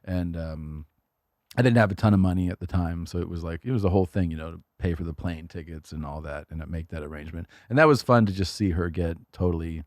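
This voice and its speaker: A man's voice: low-pitched, fast talker, a little mellow, dry recording, studio quality. A man, a comedian guest on a podcast, talking in a rambling, profane, self-mocking way. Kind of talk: casual chat.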